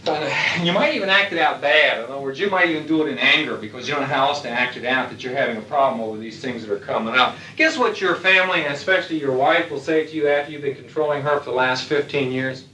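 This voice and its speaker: A man's voice: mid-range voice, quick pace, hardly any pauses, bright, forceful tone, a little hiss or hum. A man giving a lecture to military aviators in a blunt, folksy way with salty humor. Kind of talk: lecture to an audience. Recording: echoey hall, distant mic.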